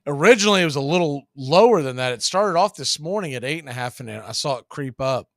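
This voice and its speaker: Male stream host calling play-by-play; relaxed, chatty, slightly high, dry recording. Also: fast, no room sound. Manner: relaxed, chatty, drifting into betting talk. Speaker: play-by-play announcer and show host. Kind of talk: casual baseball play-by-play.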